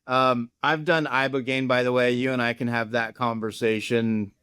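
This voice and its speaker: Smooth-voiced man hosting a podcast. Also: mid-range voice, level tone, normal speed, a bit bright, dry recording, clean studio sound. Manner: reflective, probing, shares his own experience. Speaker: podcast co-host. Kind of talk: conversational interview questions.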